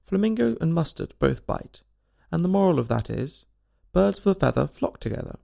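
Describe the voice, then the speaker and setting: A man's voice: on the high side, sing-song, normal speed, gravelly, mellow, pitched above the performer's own voice, heavily acted. A man voicing a fussy old duchess in a storybook reading, preachy and agreeable in a sing-song manner.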